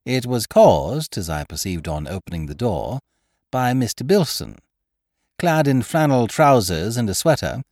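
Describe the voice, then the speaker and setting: Animated male storyteller, dry close sound. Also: mid-range voice, no echo. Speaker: narrator. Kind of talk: audiobook reading of a classic story.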